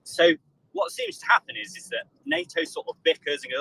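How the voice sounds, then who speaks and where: A man's voice: on the high side, huge pitch swings, fairly quick, gravelly, pushed and bright, slight background noise, low-quality recording. A British man in casual panel chat, sarcastic and joking, acting out other voices as he talks. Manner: sarcastic, acts out voices of nations.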